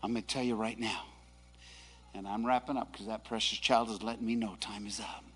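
A man preaching a sermon, dropping to hushed asides and then rising to shouted proclamations. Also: lowish voice, level tone, brisk, breathy edge.

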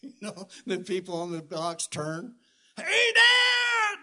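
A man's voice: high-pitched, steady tone, a little slow. Storytelling man preaching a sermon. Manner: storytelling, swings from loud shouted quotes to soft hushed prayer. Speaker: pastor.

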